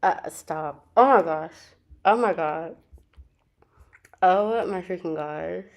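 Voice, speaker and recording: A woman's voice: lowish voice, takes it slowly. A woman hosting a reaction video, talking casually and emphatically to her viewers, repeating her points. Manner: emphatic, repeats herself, talks to viewers as y'all.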